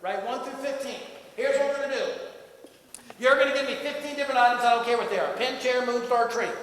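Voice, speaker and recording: A man giving a motivational talk to a live audience in a large room, with punchy call-and-response and jokes he shouts out. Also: extremely high pitch, fast. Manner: punchy call-and-response, asks crowd to answer. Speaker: motivational speaker. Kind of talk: motivational talk to a staff crowd. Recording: echoey room recorded from far off.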